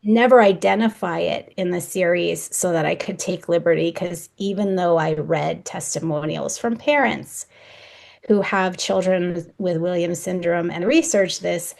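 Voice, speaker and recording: A woman's voice: on the low side, a little slow, vocal fry, darkish tone. A woman being interviewed as a guest author, explaining her choices in a thoughtful, careful way. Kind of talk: podcast interview.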